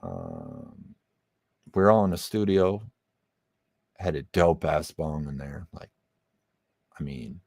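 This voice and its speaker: A man guests on a podcast, chatting in a laid-back way about his music, rambling with many fillers and frequent swearing. His voice is rumbling low, gravelly and slightly mellow, slow and sing-song with many pauses, recorded with no room sound.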